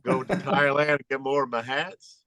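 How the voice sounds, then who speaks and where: A man in his fifties from Louisville, a comedian on a video call. He tells laid-back, rambling road stories. His voice is mid-pitched and sounds dry, with no room echo. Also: flat delivery, moderate pace, pushed and bright. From Louisville, Kentucky. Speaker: stand-up comedian, guest. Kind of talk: casual chat over a video call.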